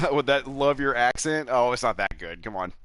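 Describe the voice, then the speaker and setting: Streaming a racing game, this man talks casually in an animated, fairly bright mid-range voice at a moderate pace, with no room sound. He rambles through stories, swearing plenty and chuckling along the way.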